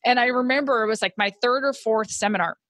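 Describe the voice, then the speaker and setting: A woman's voice: fairly high pitch, fast, a bit bright, no room sound, clean studio sound. A middle-aged woman, a podcast guest and business owner, telling a personal story in an earnest way and acting out her past thoughts with animation.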